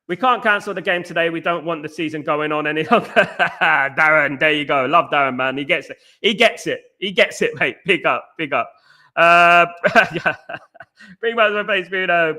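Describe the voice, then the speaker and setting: A man's voice: on the high side, bright, forceful tone. Chatty London man reading fan comments. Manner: casual, says big up and mate a lot. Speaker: fan channel host. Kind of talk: live chat-reading fan stream.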